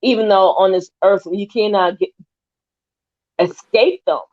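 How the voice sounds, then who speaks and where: A woman talking in a casual podcast chat, emphatic and animated, sometimes drifting off topic. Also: medium pitch, unhurried. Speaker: guest. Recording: dull lo-fi audio.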